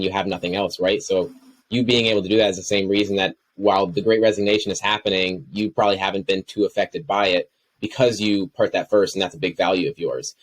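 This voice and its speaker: A man with a fairly low voice hosts a podcast interview. He asks long, searching questions and often restarts his sentences as he works out what to ask. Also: low-quality recording. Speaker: podcast host.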